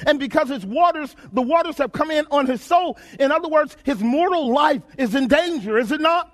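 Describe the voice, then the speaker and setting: A man's voice: extremely high pitch, expressive, moderate pace, fairly bright tone. A man preaching a sermon, prodding his listeners with rhetorical questions and repeating phrases in rhythm. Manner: emphatic call-and-response questioning.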